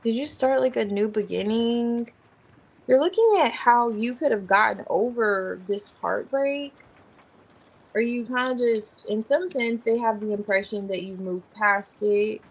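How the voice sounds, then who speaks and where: Gravelly-voiced woman reading tarot. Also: fairly high pitch, measured pace, rough recording. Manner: rambling, thinking aloud while naming cards; informal, slangy talk. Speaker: tarot reader.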